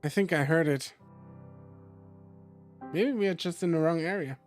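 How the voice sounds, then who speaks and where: A man's voice: on the high side, moderate pace, soft background music, natural voice. Man voicing a jumpy, whiny young furry guy. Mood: uncertain. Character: jumpy anxious young male furry animal.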